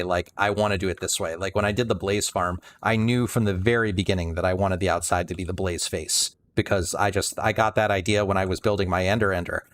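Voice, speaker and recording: Deep-voiced man streaming a building game. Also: fairly bright tone. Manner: rambling, self-correcting, dry sarcasm. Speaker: livestreamer. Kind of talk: casual game commentary.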